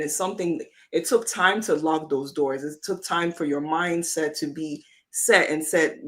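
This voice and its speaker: A woman in a casual faith-based podcast chat, speaking reflectively and haltingly, restarting her sentences. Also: sits low.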